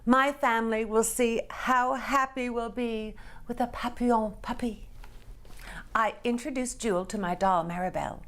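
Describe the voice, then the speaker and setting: A woman reading a children's picture book aloud in an expressive storytelling voice, dropping into whispers and rising to excited cries. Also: fairly high pitch, a little slow. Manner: animated, dips into whispers and rises to excited cries. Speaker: storybook reader.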